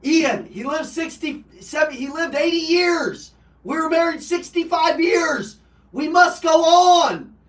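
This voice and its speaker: A man voicing his elderly grandmother as she sternly shouts at him to carry on. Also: very high-pitched, takes it slowly, pitched above the performer's own voice, full character voice. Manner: shouting, commanding. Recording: roomy, from a distance.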